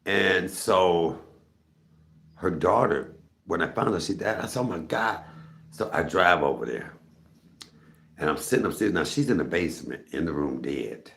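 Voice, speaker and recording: A middle-aged man chats to his viewers in a low, gravelly voice, spinning a story with lots of laughter. His pitch swings widely, leaping high whenever he acts out his own reactions. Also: moderate pace, long pauses. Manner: animated, laughing, jumps into high excited pitch when retelling. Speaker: storytelling host of a live stream.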